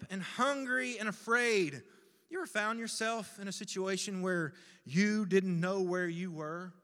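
A middle-aged male pastor preaching a dramatic, impassioned sermon, moving between loud pleas and hushed pauses. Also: high voice. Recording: long hall reverb.

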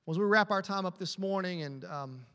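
A man's voice: high voice, brisk, pushed and bright, smooth, big-room sound. A man pastor preaching a sermon with emphatic repetition, asking the congregation to answer back. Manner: emphatic, repetitive preaching with call-and-response questions. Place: church auditorium.

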